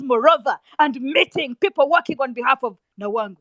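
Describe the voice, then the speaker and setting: A Ugandan woman speaks with a notably high voice, delivering a fiery address to students. She hammers points home by repeating words and swings from near-whispers to loud, ringing lines. The sound is close and dry, with no room around it. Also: lively intonation, normal speed, few pauses, no echo, rough recording. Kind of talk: impassioned public speech.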